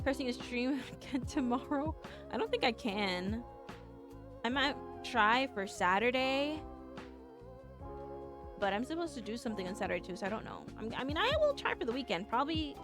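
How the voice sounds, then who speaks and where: A woman on a live stream chats casually with her viewers, playful and teasing and quick to giggle. Her voice sits fairly high, and clear game music plays behind her. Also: big pitch swings. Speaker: vtuber streamer.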